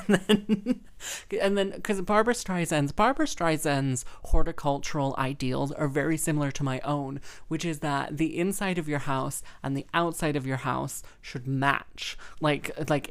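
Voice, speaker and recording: A woman's voice: sits low, vocal fry. A woman hosting a podcast in casual chat, rambling, self-mocking and laughing often. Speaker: podcast host.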